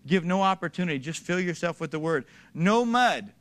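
A man's voice: high voice, expressive, brisk, a bit bright. A man preaching a sermon, emphatic and building to raised declarations, addressing his congregation directly. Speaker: pastor.

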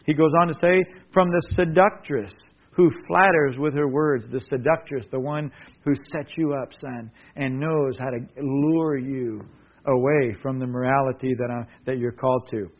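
A man preaching a sermon, earnestly addressing listeners as "son" and building up to lively emphatic passages. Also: mid-range voice, moderate pace, lo-fi sound. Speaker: pastor.

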